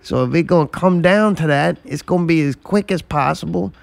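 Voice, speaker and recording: A man's voice: on the high side, fairly quick, vocal fry, no echo. A man co-hosting a casual chat, blunt, profane and drawling as he spins a story.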